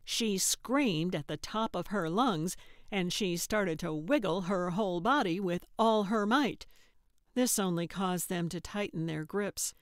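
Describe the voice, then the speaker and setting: Woman audiobook narrator: steady, measured, slow, low-pitched, dry close mic. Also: no echo. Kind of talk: scripted narration.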